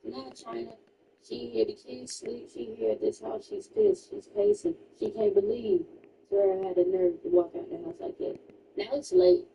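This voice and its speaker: A woman's voice: fairly high pitch, sing-song, normal speed, gravelly, distant mic, highs cut off, background noise. A woman streamer casually retelling a true crime story while gaming, emphatic and chatty, full of "like" asides.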